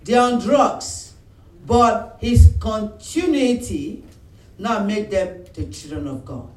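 A pastor, preaching an animated sermon and acting out phone calls and voices of his church members. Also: high voice, slow pace. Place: church hall. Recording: roomy echo, mic at a distance, faint room noise.

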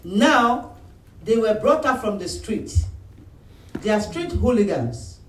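A pastor preaches with a fairly high voice, playing out his members' lines as he goes. The sound is roomy, picked up from a distance in a church hall with faint background noise. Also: slow. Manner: animated preaching, acts out phone calls and voices of church members. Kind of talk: sermon.

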